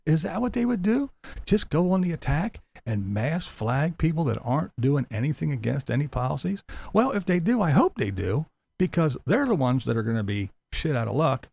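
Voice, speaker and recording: A man's voice: fairly high pitch, big pitch swings, normal speed, creaky, darkish tone, dry recording. A middle-aged man hosting a commentary channel, talking in a blunt, profane, mocking rant and acting out silly voices. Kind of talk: ranting commentary vlog.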